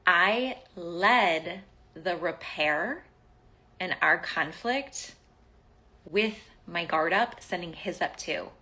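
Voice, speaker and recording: A woman's voice: on the low side, animated, drawn-out words, bright, forceful tone. A woman hosting a podcast, talking through a personal story in a casual coaching monologue, emphatic and repetitive, swearing now and then. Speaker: podcast host.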